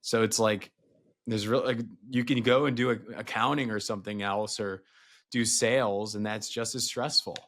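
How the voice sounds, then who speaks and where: A man's voice: lowish voice, fairly even intonation, normal speed, a bit bright. A man hosting a casual interview, reacting with interest and asking follow-up questions. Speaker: podcast host.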